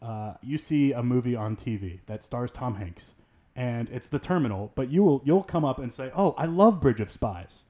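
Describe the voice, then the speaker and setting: A relaxed man with a warm, mellow voice explains things in a loose, easy way. He leans on "like" as he talks. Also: mid-range voice, normal speed, lo-fi sound. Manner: relaxed, explanatory, uses "like" often. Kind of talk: casual discussion.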